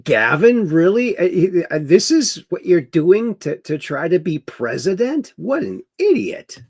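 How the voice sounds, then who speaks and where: A man's voice: high voice, very animated, measured pace, a little mellow, slightly rough, no room sound, clean studio sound. A man hosting a casual livestream, reading viewer comments aloud and mocking the news with chuckles. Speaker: livestream host.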